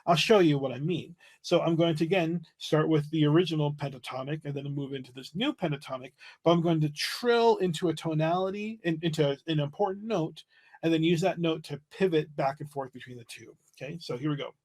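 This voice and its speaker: During a livestream flute lesson, a man with a fairly high voice explains things quickly yet in a relaxed way, checking in with "right?" as he goes.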